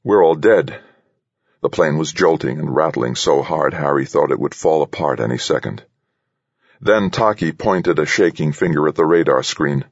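Very deep, husky male narrator. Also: normal speed, dry recording. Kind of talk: audiobook narration. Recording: dull, dry studio read.

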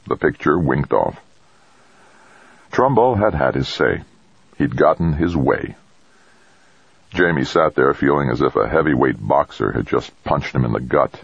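Male audiobook narrator, steady and measured, deep husky voice, lively intonation. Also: no room sound. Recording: dull dry lo-fi recording.

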